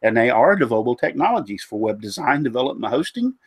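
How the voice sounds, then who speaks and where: A man's voice: mid-range voice, big pitch swings, quick pace, breathy edge, no room sound. A man, congested from a cold, hosting a casual woodworking live stream with a rambling manner, lots of fillers and tripping over names. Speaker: host of a woodworking live show.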